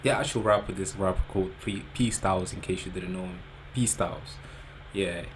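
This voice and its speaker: A man's voice: low voice, brisk, poor audio. A man, hosting a reaction video in a loose, joking commentary with slang. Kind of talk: casual commentary. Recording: background noise.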